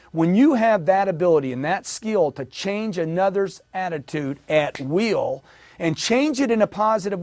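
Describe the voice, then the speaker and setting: Energetic male sales coach, slightly high-pitched, punchy repetition, dry recording. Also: dry recording. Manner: energetic, emphatic, drills audience with repetition. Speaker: sales trainer. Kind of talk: motivational sales training talk.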